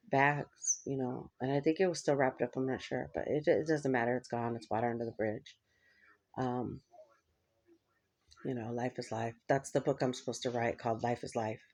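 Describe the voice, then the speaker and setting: A woman's voice: rumbling low, fairly even intonation, moderate pace. Woman, vlogger, casual rambling chat, chatty, laughs often.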